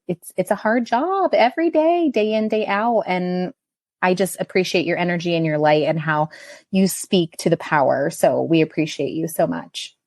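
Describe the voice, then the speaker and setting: A woman's voice: low voice, warm tone, dry recording. A woman hosting a podcast interview, responding to her guest with appreciative reflections. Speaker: podcast host.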